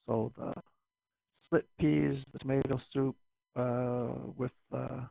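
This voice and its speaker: Gravelly man on a tinny radio link. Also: medium pitch, flat delivery, no room sound. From Canada. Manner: easygoing, unhurried small talk. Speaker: radio net caller. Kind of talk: ham radio net chat.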